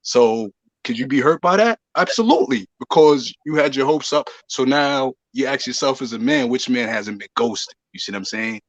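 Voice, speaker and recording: A man's voice: medium pitch, lively intonation, normal speed, hardly any pauses, no room sound, dull audio. A man speaking emphatically on a live podcast discussion, often checking whether listeners follow him. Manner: emphatic, keeps asking "you see what I'm saying". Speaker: show regular.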